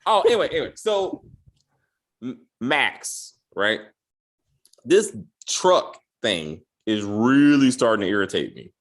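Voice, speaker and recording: A man co-hosting a casual TV review podcast, swearing freely and acting out characters' lines in quick exasperated bits. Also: mid-range voice, very animated. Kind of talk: casual spoiler review chat.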